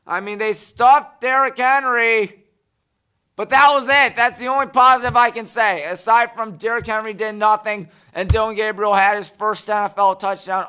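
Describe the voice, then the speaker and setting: A man's voice: high voice, pushed and bright, clean tone. A man hosting a community TV sports talk show, rattling off scores with sarcastic, exasperated asides. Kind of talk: scores recap monologue. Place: community TV studio.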